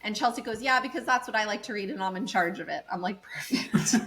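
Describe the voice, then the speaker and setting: A woman's voice: medium pitch, fast, rough recording. A woman co-hosting a podcast, chatting casually and acting out other people's lines as she tells a story. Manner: animated storyteller acting out quotes. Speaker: podcast co-host. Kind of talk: casual chat.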